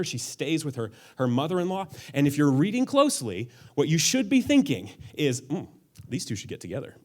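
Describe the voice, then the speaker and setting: A man delivers a sermon as a pastor. His voice sits a little higher than most men's. He keeps it relaxed and conversational, often breaking off into side remarks. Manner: casual and conversational, with frequent asides.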